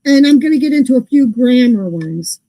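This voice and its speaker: A woman's voice: high voice, lively intonation, fairly quick, dark tone, low-quality recording. A woman co-hosting a podcast, chatting casually and puzzling over her pet peeves in a ranting way. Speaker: podcast co-host. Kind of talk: casual chat.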